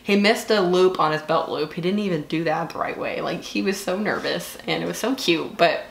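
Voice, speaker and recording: Doing her makeup, a Southern US woman in her twenties gushes in a casual beauty-vlog chat packed with fillers. She speaks at a normal speed in a lowish, creaky voice, recorded in an echoey room with slight hiss or hum.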